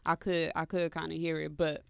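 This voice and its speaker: A woman's voice: low voice, little pitch movement, fairly quick, gravelly, clear, resonant tone, dry recording, clean studio sound. A woman from Los Angeles co-hosting a podcast, chatting casually and laid-back with lots of fillers. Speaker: co-host.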